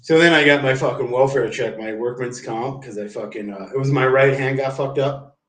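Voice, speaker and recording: A man's voice: medium pitch, moderate pace, fairly bright tone. Profane man rambling in a roomy room. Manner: profane, slangy, keeps saying "dude". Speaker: live streamer. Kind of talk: rambling casual storytelling. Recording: roomy, distant mic.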